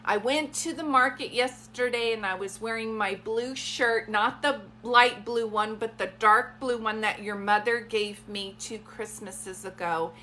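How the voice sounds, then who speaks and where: A woman doing a bright, chatty old grandma with a Jersey accent, a born storyteller who gossips about everyone she meets, slowing down and leaning in as she piles on the little details. She sounds louder and more animated than an everyday speaker. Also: a little high, a little hiss or hum. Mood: gossipy. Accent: New Jersey. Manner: rambling, detail-heavy gossiping.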